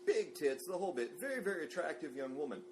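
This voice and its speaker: A man's voice: fairly high pitch, very animated, fast talker. A man co-hosting a casual podcast chat, telling stories and laughing through them. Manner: storytelling, laughs through his own stories. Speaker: podcast co-host. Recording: humming background noise.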